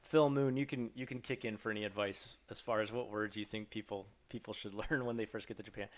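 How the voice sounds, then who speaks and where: A man's voice: lowish voice, steady tone, fast, hardly any pauses. A man from Florida in his thirties or forties, hosting a casual live Q&A, rambling and swearing freely as he tells stories. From Florida, USA. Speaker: live stream host answering questions.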